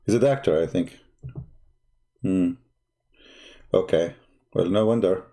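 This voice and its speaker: A man's voice: low-pitched, takes it slowly, mellow. A man hosting a livestream, speaking as an in a sarcastic, scolding way, often laughing at his opponent. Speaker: online broadcast host. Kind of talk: mocking livestream commentary.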